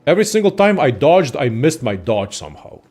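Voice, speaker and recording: Young dude ranting about games, kinda high voice, swears a lot, rambles on, quiet music behind. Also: male voice, fairly quick, breathy edge. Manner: profane, excitable, rambling. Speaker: gaming content creator. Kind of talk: casual gaming rant.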